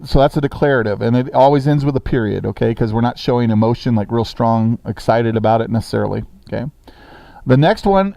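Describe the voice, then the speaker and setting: A man's voice: mid-range voice, warm tone, no room sound. A man teaching a sixth grade grammar lesson in a classroom, talking casually and checking in with the students often.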